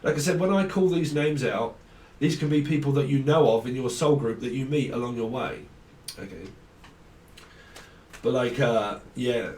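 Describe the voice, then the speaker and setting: A man's voice: medium pitch, moderate pace, darkish tone. A man talks loosely through a tarot reading, jumping from one name to the next and breaking into laughs. His voice sits mid-range and sounds roomy, caught from a mic set well back. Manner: rambling, free-associating, laughs often. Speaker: tarot reader. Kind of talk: casual tarot channelling. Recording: echoey room, mic at a distance.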